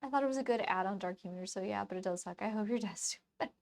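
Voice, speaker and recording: A woman hosting a live art stream, chatting casually and softly with her viewers while she paints. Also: mid-range voice, very fast, vocal fry. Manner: soft-spoken, chatty, relaxed. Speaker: live-stream artist host.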